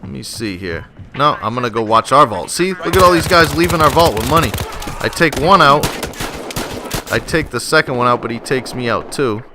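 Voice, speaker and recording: A man giving gameplay commentary as a voice-over, excitable and swearing freely as he rants about the match. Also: medium pitch, normal speed. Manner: excitable, profane, frustrated ranting. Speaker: gaming channel host. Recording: noisy background.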